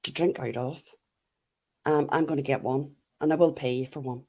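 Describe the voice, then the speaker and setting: A woman's voice: a bass voice, fairly even intonation, normal speed, mellow. A middle-aged Irish woman chatting casually as she answers live comments, blunt and laughing often. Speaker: YouTube livestream host.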